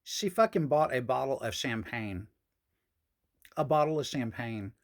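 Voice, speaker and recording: A woman's voice: extremely low pitch, animated, a little slow. A woman telling a personal story on a podcast, frank and profane, with sassy asides.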